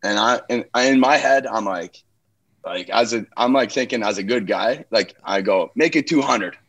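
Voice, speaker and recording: Easygoing man with a low voice. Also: moderate pace, fairly bright tone. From Canada. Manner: easygoing, self-mocking storyteller. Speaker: guest, pro hockey player. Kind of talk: casual interview chat.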